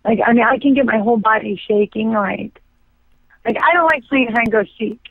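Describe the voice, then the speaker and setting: A woman's voice: on the high side, creaky, husky, no echo. Chatty woman on a tinny phone line. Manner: chatty, fast, filler-heavy storytelling with frequent likes. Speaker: guest actress. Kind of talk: casual interview chat.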